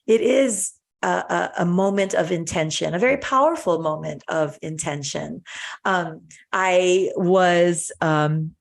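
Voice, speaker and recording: A woman's voice: fairly low pitch, slow, gravelly. A woman co-hosting a podcast and a doctor, telling a story in an earnest, chatty way with many fillers and restarts. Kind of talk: casual podcast chat.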